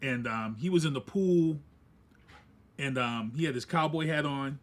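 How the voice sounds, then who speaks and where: A man, co-hosting a podcast and telling a story casually, animated and laughing as he acts out quoted voices. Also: fairly high pitch, measured pace. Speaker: podcast co-host.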